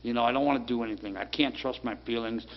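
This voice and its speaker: A man's voice: medium pitch, quick pace. A middle-aged man giving a plainspoken personal recovery testimony, talking casually with many fillers. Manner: plainspoken, conversational, full of fillers. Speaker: recovery speaker. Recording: dull lo-fi sound.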